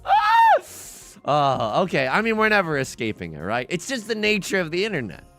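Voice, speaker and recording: A young man giving live game commentary to his chat, jokey and animated, often stumbling and repeating words. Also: fairly high pitch, fairly quick, faint music behind. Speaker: streamer.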